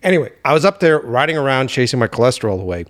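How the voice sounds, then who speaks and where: Talking very fast in a mid-range voice, a man on his podcast spins stories in loose, casual chat. He curses liberally and hams up a mock-indignant attitude.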